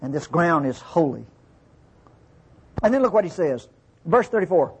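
Unhurried and very animated, a Bible teacher speaks in a husky, fairly high voice whose pitch swings widely, leaving long pauses. His conversational teaching shifts between reading scripture aloud and explaining it informally, with frequent questions to listeners about whether they follow.

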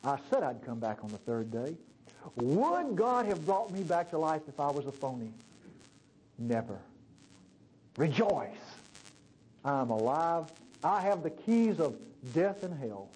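A preacher acting out jesus back from the dead, shouting it out all jubilant and triumphant, voice swinging high and low. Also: male voice, very animated, measured pace, long pauses, slight background noise, rough recording. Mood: assured. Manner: exclamatory, proclaiming.

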